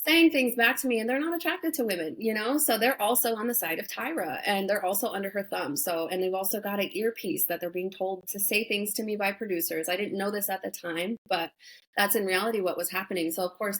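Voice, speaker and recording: A young adult woman, once a reality show contestant, guests on an interview show and speaks candidly and bluntly, swearing often and leaning on "like" and "you know." She's emphatic, medium-pitched and fast, and the audio is poor.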